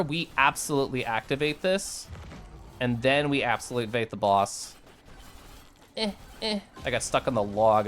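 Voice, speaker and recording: Lively, excitable game streamer. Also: mid-range voice, slight background noise. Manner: chatty, excitable, many "like"s and "um"s; reads and answers chat. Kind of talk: live gameplay commentary.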